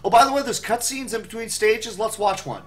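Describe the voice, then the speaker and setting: A man's voice: high voice, fairly quick. A man speedrunning a game live, rambling through his commentary with self-mocking jokes.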